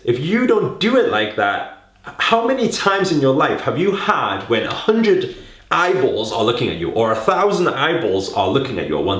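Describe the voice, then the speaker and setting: A man's voice: mid-range voice, fairly bright tone, echoey room. A man teaching public speaking to the camera, coaxing his viewers with rhetorical questions and a frequent "right?".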